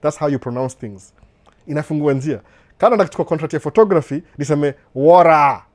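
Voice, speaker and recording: A man with a Kenyan accent hosting a casual live Q&A, animated, often repeating "no, no" and laughing. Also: on the high side, fast. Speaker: livestream host answering viewer questions. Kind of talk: casual live Q&A, mixing Swahili and English. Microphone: desk microphone with computer setup.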